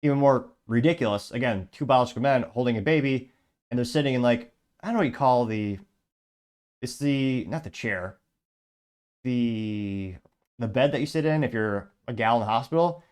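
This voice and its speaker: On his commentary show, an Illinois man reads out social media posts and riffs on them sarcastically, rambling and restarting frequently. He's the host, speaking at normal speed with a medium pitch and a darkish tone.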